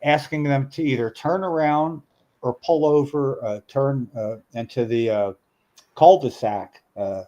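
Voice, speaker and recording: A middle-aged man spins a long, meandering story. He is full of "uh"s and restarts and gets animated in the telling. His pitch sits in an ordinary middle range. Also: measured pace, lo-fi sound. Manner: rambling, animated storyteller with many fillers. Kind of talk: casual storytelling chat.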